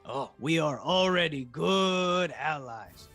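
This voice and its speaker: A man voicing a sinister crime boss who gloats and talks slowly. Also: a little high, expressive, a bit bright, soft background music, full character voice. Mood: gloating. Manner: slow, gloating, villainous.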